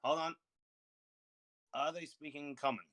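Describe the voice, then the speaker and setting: A man at a tabletop game with a bright, forceful voice, talking bluntly and swearing freely. His remarks carry a wry, skeptical edge. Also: on the high side, fairly even intonation, a little slow. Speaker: player. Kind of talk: casual game chat.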